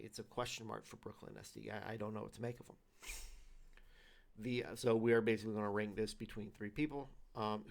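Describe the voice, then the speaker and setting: A man's voice: lowish voice, creaky. A man hosting a league show, giving his predictions in loose, repetitive casual talk with many fillers and restarts.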